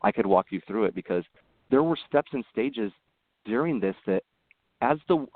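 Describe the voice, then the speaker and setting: A man who is a podcast guest, talking earnestly in casual conversation and telling animated stories with frequent restarts. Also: fairly low pitch, normal speed, no echo. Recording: tinny phone-like line.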